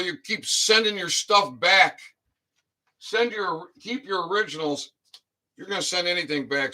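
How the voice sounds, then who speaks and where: With a fairly high, sharp-toned voice, a man reads from his court documents in a casual vlog, explaining the filing to followers. He slows down on important phrases and checks in with frequent "all right?"s.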